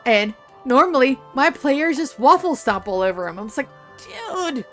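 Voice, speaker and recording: Woman streamer, higher register, loose rambling profane storyteller, light music under her. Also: expressive, normal speed, a bit bright. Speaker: streamer and game master. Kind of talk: casual chat while streaming a game.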